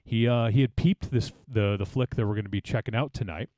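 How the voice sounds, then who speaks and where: A man's voice: lowish voice, fairly quick, dark tone, no echo, clean studio sound. A man hosting a horror film podcast, chatting loosely with friends, joking and swearing, with many fillers. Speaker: podcast host. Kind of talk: casual chat.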